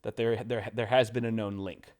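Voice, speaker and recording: A man's voice: lowish voice, steady tone, moderate pace, darkish tone. A man co-hosting a podcast, chatting casually, often repeating words and laughing. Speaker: podcast co-host.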